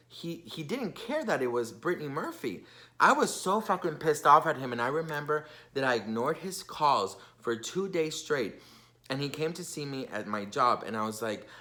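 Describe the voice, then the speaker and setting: A man's voice: medium pitch, bright, forceful tone. A young man vlogging, telling a casual story in a chatty, gossipy way with lots of fillers.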